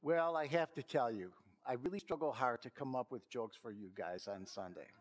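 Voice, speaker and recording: A pastor giving a sermon, opening with a joke and telling it in an easygoing storyteller's way before turning to a Bible story. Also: male voice, medium pitch, moderate pace. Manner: storytelling, gently self-mocking.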